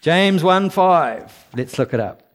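A man giving an informal, chatty sermon, with laughing asides and a low voice for the quoted whispers. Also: animated, slow pace. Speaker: preacher.

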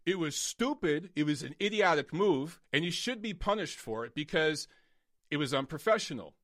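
A man's voice: on the high side, animated, normal speed, a bit bright, no echo, clean studio sound. A man hosting a live-streamed boxing show, ranting bluntly and emphatically, and saying he is losing his voice. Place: padded soundproofed home studio.

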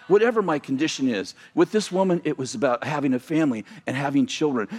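A man preaching a sermon in a church with a high voice. He is animated and swings between loud shouting and softer, quieter asides. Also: a little fast, breathy edge. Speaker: pastor. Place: church sanctuary.

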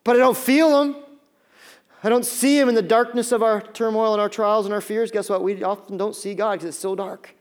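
A man preaching a sermon as pastor, swinging between loud emphatic pleas and soft, low passages. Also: little pitch movement, fairly quick, hardly any pauses, clean tone.

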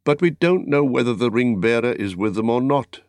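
A man voicing a grave, weary male warrior leader in an audiobook, speaking in a solemn, measured way. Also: medium pitch, lively intonation, no room sound, pitched above the performer's own voice, natural voice. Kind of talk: audiobook character reading.

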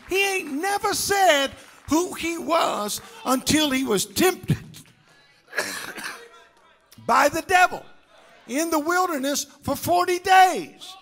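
High-voiced shouting preacher man. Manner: builds to shouting, preacherly whoops and cadence. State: coughing. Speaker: pastor. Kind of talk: sermon.

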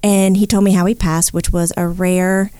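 A woman's voice: lowish voice, moderate pace, clean tone, dry recording. A middle-aged woman, a psychic medium, telling a story in a casual interview and acting out the voices in it. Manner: animated, acts out the voices in her story.

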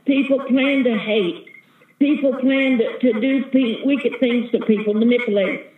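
A woman's voice: fairly high pitch, fairly even intonation, a little slow, roomy sound, narrow, tinny audio. A woman evangelist giving an earnest, vivid testimony as a guest in an interview. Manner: earnest, vivid storytelling, calls listener sister.

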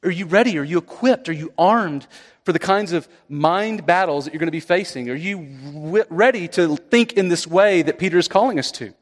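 Man, pastor, earnest sermon, high voice, lingering hall echo. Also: normal speed. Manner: earnest preaching with rhetorical questions.

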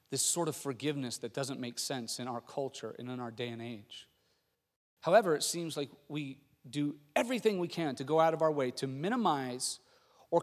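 A man preaches with a fairly high voice, telling stories with animation. He drops to a near hush and then climbs back to loud. His voice rings out with a long reverb in a church sanctuary. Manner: animated storytelling, swinging from hushed to loud. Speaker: pastor. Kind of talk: sermon.

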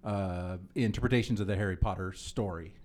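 A man's voice: deep voice, a little fast, darkish tone. A man hosting a casual group chat, steering the talk and repeating words as he starts.

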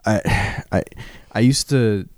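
A man's voice: on the low side, takes it slowly, no room sound, studio quality. A man in his thirties, co-hosting a casual podcast in a laid-back, joking way, laughing often and swearing. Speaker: podcast co-host. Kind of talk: casual chat.

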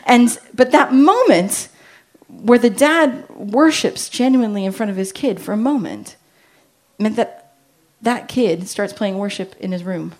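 A woman's voice: medium pitch, expressive, measured pace, darkish tone. A middle-aged woman from the United States giving a chatty, story-filled talk to parents at a church, acting out quotes as she goes.

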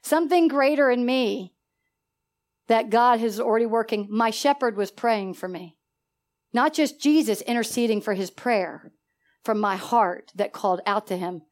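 High-pitched female preacher, emphatic and lively, drawing answers from the congregation. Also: moderate pace. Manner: animated, emphatic call-and-response preaching with laughter. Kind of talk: sermon. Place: church sanctuary.

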